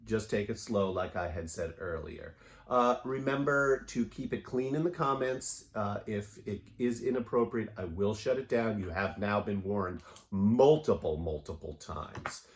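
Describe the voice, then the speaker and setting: A man's voice: on the low side, measured pace. A male teacher wrapping up a class video in a casual way, with filler uhs and a mildly stern tone.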